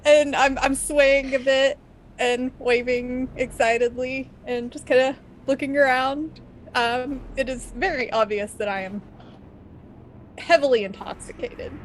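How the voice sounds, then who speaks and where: A woman at a tabletop game talks through what her character does. She is playful and often restarts her sentences. Her high voice comes over faint background noise. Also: fairly even intonation, a little slow. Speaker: player. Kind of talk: describing her character's actions.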